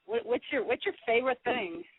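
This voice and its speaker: A woman's voice: a little high, sing-song, a little fast, creaky, slightly rough, no room sound. Chatty Midwestern woman caller on the phone. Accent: Midwestern American. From Michigan. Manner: chatty, giggly, rambling. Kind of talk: call-in radio chat. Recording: dry tinny phone line.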